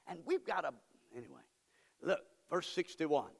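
Fervent preacher man, high lively voice. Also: normal speed, vocal fry. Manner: fervent preaching that builds to repeated shouts. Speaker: pastor. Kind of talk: sermon. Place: church sanctuary. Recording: long hall reverb in a church.

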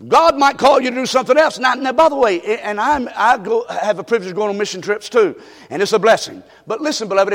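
High-voiced fervent male preacher. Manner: fervent, repetitive calls to the congregation, often shouting. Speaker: pastor. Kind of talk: sermon. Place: church sanctuary. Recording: long reverb of a church hall.

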